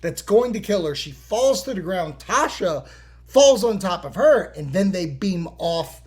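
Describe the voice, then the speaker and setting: A man's voice: high voice, a little slow. A man hosting a podcast, recapping a TV episode in casual, profane talk and acting out scenes. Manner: animated, profane, acts out scenes. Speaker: podcast host.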